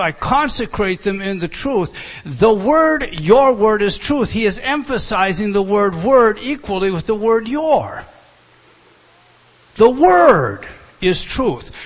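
A man's voice: a little high, a bit bright. Emphatic man teaching Scripture. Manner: emphatic, with chatty asides. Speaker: Bible teacher. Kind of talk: verse-by-verse Bible teaching.

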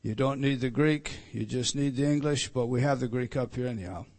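A man's voice: mid-range voice, a little fast, a little mellow. A man preaching an expository sermon, emphatic, often repeating himself and restarting sentences. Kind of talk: expository sermon on a Bible passage.

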